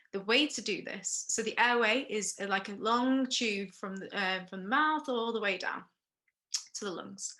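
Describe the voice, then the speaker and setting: A woman teaching a first aid workshop in a recorded lesson, explaining each step, pausing to ask questions, and checking in with frequent okays. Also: mid-range voice, sharp tone.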